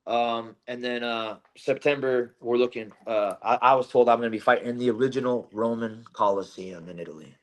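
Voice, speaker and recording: A man's voice: medium pitch, fairly quick, hardly any pauses. A man who is a bare-knuckle fighter, talking in a casual post-fight interview with intense, profane trash talk, lots of fillers and restarts.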